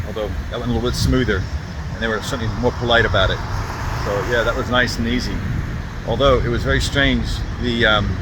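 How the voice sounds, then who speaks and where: A man vlogging in a relaxed, easygoing way, recording outdoors on a city street. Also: mid-range voice. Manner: easygoing, laughs at himself. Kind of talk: casual vlog chat. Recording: loud street and traffic noise.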